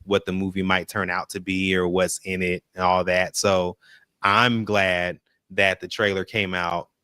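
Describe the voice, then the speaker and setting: A man co-hosting a casual reaction chat, animated and direct with his listeners. His voice is bright and smooth, recorded close and dry. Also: sits low, measured pace, dry recording. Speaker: co-host of a reaction show.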